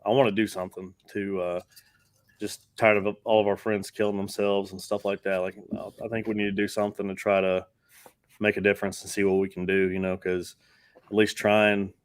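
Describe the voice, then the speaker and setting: A man, a Marine veteran guest, speaking in an earnest, measured way. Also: lowish voice, little pitch movement, no echo, clean studio sound. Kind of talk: casual podcast chat.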